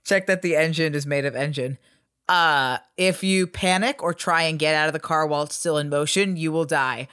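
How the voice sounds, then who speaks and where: A man co-hosting a relaxed comedy podcast. He reads the rules of a spooky ritual aloud in an even, matter-of-fact way and breaks off for wry asides and quick laughs. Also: a little high, smooth, no room sound, studio quality. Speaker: podcast co-host. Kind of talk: casual comedic podcast chat.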